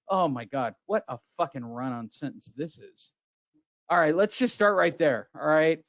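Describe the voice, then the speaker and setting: A man's voice: fairly high pitch, very animated, normal speed, a bit bright, no room sound. A man hosting a boxing podcast, ranting sarcastically with lots of swearing. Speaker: podcast host. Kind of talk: profane casual boxing chat. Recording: dull lo-fi sound.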